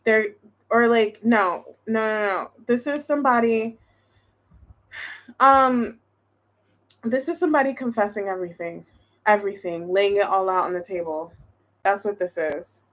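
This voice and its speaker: A woman's voice: medium pitch, a little slow, pauses often, a bit bright. A woman giving a casual tarot reading to her viewers, thinking aloud in a chatty way with lots of restarts. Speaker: tarot reader.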